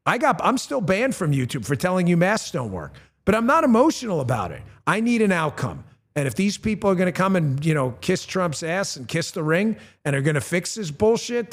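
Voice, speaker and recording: A middle-aged man hosting a political commentary show, talking bluntly and getting heated, with swearing. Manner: blunt, heated, swears and rises in pitch when angry. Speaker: host.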